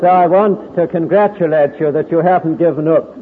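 Measured man preaching in a big tent. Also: a little high, in a large hall, phone-quality sound, noisy background. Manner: measured, formal, with occasional hesitant fillers. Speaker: Bible teacher at a convention. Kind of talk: Bible exposition sermon. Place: large tent.

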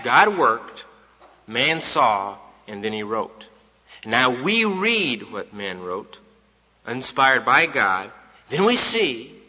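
A man's voice: mid-range voice, bright, forceful tone. A man preaching an evening sermon, emphatic and repeating his key points for the congregation. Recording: dull recording in a reverberant hall.

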